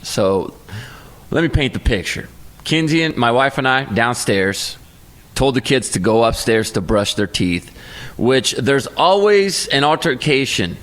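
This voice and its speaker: A man in his thirties co-hosting a casual podcast chat, telling stories with lively energy and acting out his kids' voices. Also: medium pitch, measured pace. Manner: animated storyteller, acts out his kids' voices. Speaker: podcast co-host.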